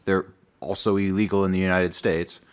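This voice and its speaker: A man's voice: deep voice, little pitch movement, normal speed, clean tone. A man co-hosting a podcast, explaining things at length in casual political chat. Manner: explains at length, hesitant fillers. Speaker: podcast co-host.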